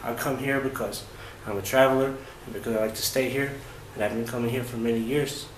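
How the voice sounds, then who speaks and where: In an echoey room with a faint ambient hum beneath him, a medium-pitched travel vlogger casually recounts a trip in his own words. He rambles in a relaxed way, often halting on fillers and starting sentences over.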